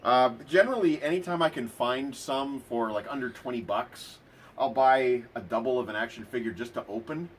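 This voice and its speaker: A man chatting casually through a toy unboxing, sarcastic and dry, with plenty of ums along the way. His voice sits at an ordinary middle pitch. A faint hiss of background noise runs under the recording. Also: normal speed.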